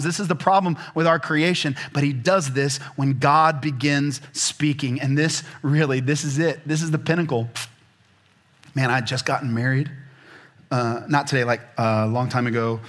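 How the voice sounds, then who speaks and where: Animated conversational preacher, man. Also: medium pitch. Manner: conversational and animated, swings from loud excited asides to soft near-whispers. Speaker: pastor. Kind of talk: sermon.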